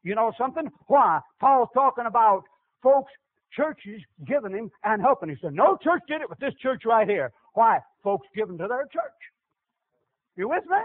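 High-voiced preacher man, tinny recording. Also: big pitch swings, normal speed. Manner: emphatic, repetitive preaching cadence. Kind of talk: sermon. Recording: tinny phone-like lo-fi audio.

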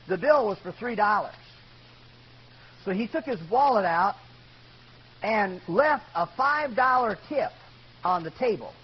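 High-voiced, emphatic preacher man. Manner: emphatic, calls for amens, swings from loud to hushed. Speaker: pastor. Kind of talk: sermon. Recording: dull lo-fi recording with faint hum.

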